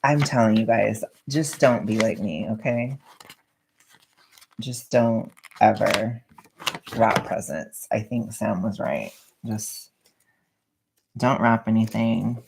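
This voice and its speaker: Very low, gravelly-voiced woman vlogger. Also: slow, pauses often, noisy background. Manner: rambling, self-mocking, joking. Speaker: vlogger livestreaming. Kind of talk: casual chat while wrapping gifts.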